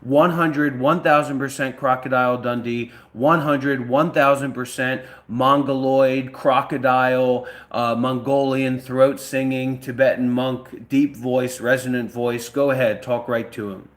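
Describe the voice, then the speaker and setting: A man's voice: mid-range voice, fairly even intonation, measured pace, hardly any pauses. A man hosting, giving rambling and repetitive instructions to push a role-play along. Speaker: host directing a voice role-play. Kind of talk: casual instructions.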